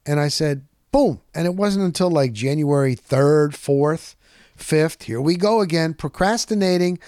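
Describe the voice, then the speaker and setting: A man hosting a podcast, telling a rambling, excitable story in a casual monologue and punching points with "boom.". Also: measured pace, no echo, studio quality. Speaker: podcast host.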